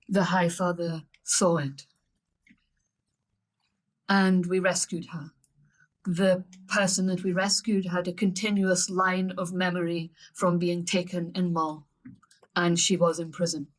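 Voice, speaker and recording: A woman speaks in character during a tabletop role-play game, laying out events earnestly and steadily. Her voice sits low and stays flat. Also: rough recording. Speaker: player.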